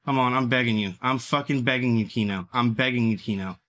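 Bright-voiced man cursing and pleading. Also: mid-range voice, brisk. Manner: profane, swings between begging and cursing. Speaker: livestreamer. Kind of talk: live-streamed gambling commentary.

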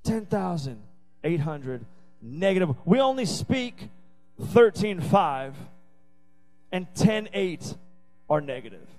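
A man's voice: high voice, big pitch swings, slow pace, long pauses, darkish tone, soft background music, rough recording. A man preaching a youth sermon, emphatic and repetitive, with playful asides. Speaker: youth pastor. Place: youth service venue.

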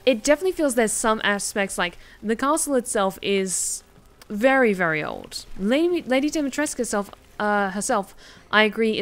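A woman streamer casually commenting while she plays a horror game, musing and theorizing aloud. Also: medium pitch. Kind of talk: casual let's-play commentary.

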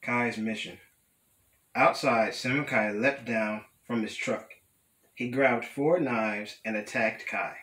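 A young male student reading a children's picture book aloud at a steady, careful pace. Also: medium pitch, takes it slowly, reverberant, low-quality recording. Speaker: student storyteller.

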